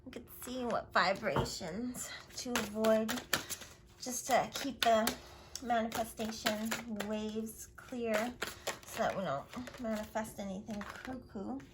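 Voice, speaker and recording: A woman's voice: on the high side, slow pace. Effusive woman giving a tarot reading. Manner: effusive, affirming, drifting into whispers. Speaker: tarot reader. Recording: steady hiss and clicks.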